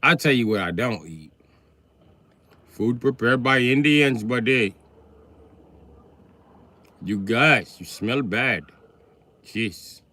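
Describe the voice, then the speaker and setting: A man's voice: medium pitch, animated, takes it slowly, long pauses, pushed and bright. A man hosting a livestream, ranting crudely and loosely in a comedic way. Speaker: livestream host. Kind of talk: profane comedic rant.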